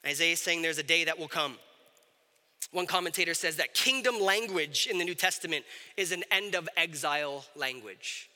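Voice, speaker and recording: A man's voice: fairly high pitch, moderate pace, pushed and bright, big-room sound. A man preaching a conversational sermon, often checking in with his audience and asking them questions. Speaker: pastor.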